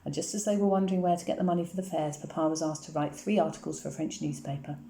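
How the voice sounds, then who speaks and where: A woman reading a chapter of a novel aloud, measured and gently expressive. Her voice sits very low and mellow, and a roomy echo hangs around it. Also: gravelly, a little hiss or hum. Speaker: audiobook reader.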